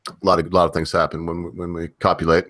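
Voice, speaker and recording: A man's voice: sits low, little pitch movement, rapid-fire, fairly bright tone, no echo. A male host chatting casually on a live stream, rambling and wandering off on tangents as he talks.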